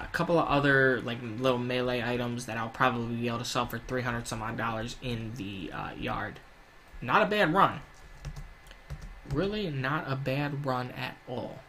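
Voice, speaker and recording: A man's voice: mid-range voice, bright, forceful tone, a little hiss or hum. Profane man ranting over gameplay. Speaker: gaming YouTuber. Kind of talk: casual gameplay commentary.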